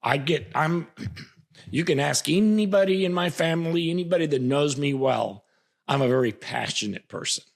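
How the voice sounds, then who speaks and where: A man with a husky, gravelly voice talks through a political commentary monologue as a podcast host. He is passionate and repetitive, often stalling and restarting his sentences. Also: on the high side, moderate pace.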